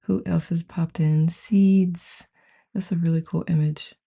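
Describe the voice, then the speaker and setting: Gravelly-voiced host on a live stream, greeting everyone by name, gushy and chatty. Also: medium pitch, fairly even intonation, unhurried, warm tone. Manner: greets each viewer by name and reads the chat aloud; chatty, gushing, frequent "I love it". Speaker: host of a live book-study group. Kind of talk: casual live-stream chat.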